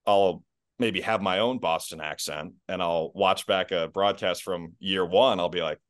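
A man's voice: deep voice, fairly even intonation, unhurried, dry recording, studio quality. A man talking casually as a guest on a sports podcast, easygoing and self-deprecating, laughing often. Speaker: podcast guest, basketball play-by-play announcer.

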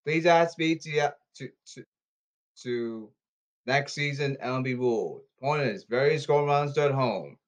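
A man ranting about baseball and social media in repetitive, halting bursts. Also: medium pitch. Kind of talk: rambling ranting commentary.

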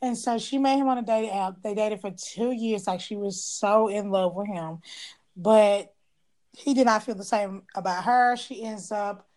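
A woman's voice: mid-range voice, fairly even intonation, moderate pace, darkish tone. A woman co-hosting a podcast, chatting casually about a story and chiming in with agreement and laughs. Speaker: podcast co-host. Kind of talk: casual story review chat.

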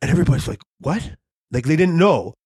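A man's voice: on the high side, lively intonation, a little fast. A man co-hosting a podcast, telling a long story in casual chat, rambling with lots of fillers and swearing. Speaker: podcast co-host.

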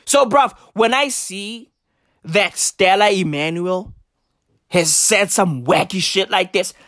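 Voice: medium pitch, fairly bright tone, dry recording. Sweary comedic rant, keeps going "right?", drawls the punchlines, dead dry sound. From South Africa. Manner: keeps asking the listener "right?", heavy swearing, drawn-out emphasis. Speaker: vlogger.

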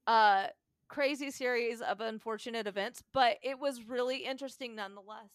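A woman reads a long internet post aloud on her podcast. Her telling is casual and animated, with frequent laughs and sudden changes of pace. Her voice is mid-pitched and the recording is dry and close. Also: moderate pace, clean tone, no room sound. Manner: animated, laughs often, shifts pace while reading. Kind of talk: casual dramatic reading.

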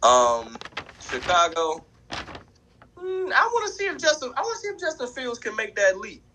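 A man co-hosting a sports podcast, talking in an animated, emphatic, trash-talking way. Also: very high voice, moderate pace, poor audio. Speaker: podcast co-host. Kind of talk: casual sports chat.

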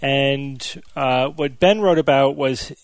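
Guy hosting a chat podcast, kinda gravelly, dry close sound, laid back explaining stuff. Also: medium pitch, takes it slowly, no echo. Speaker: podcast host. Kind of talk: casual chat.

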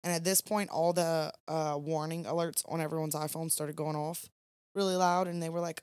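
This is a young woman with a drawl, co-hosting a casual podcast. Her voice sits fairly low, and the sound is close and dry. She rambles easily through a long personal story. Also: little pitch movement, moderate pace, darkish tone, no room sound. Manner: chatty, rambling, Southern "y'all" phrasing. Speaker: podcast co-host. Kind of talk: late-night casual storytelling.

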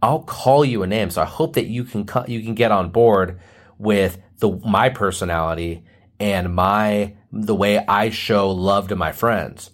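A man's voice: fairly low pitch, measured pace. A young man hosting a comedy podcast, rambling and joking with lots of fillers. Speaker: podcast host. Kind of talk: casual comedy podcast chat.

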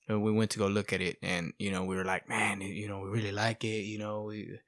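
On the low side and fairly quick, this middle-aged man shares his testimony as a guest, recounting his life casually. He animatedly acts out quotes and says "you know" and "bro" a lot, recorded with no room sound.

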